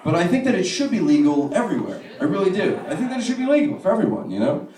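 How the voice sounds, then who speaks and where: A man in his twenties doing a stand-up comedy set in a club, telling profane, animated stories with quick asides. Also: sits high, roomy sound, distant mic.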